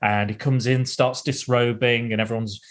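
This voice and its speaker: A man's voice: medium pitch, steady tone, moderate pace. A man hosting a casual podcast, recapping films in a rambling way with frequent laughs and restarts. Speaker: podcast host.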